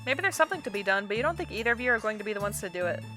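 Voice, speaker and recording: A woman's voice: medium pitch, expressive, very fast, bright, forceful tone, faint music behind. A woman hosting a let's-play, reading a visual novel aloud with casual, chatty commentary and laughing at the script.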